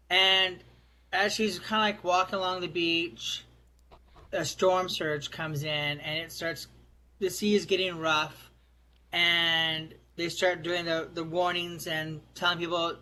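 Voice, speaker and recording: A man with a high, bright voice spins a story off the cuff for a podcast panel. He talks casually and with animation, leaning on fillers. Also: flat delivery, slow. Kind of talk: improvised storytelling.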